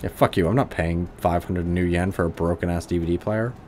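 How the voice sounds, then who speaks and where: A man's voice: low voice, steady tone, brisk, darkish tone, slight background noise. A man giving casual, blunt commentary while streaming a role-playing game. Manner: blunt, profane asides.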